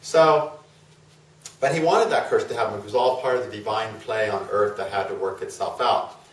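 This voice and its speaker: A man's voice: on the low side, moderate pace. A man, an astrologer, retelling a myth in a chatty, casual lecture full of fillers and tag questions. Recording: roomy, from a distance.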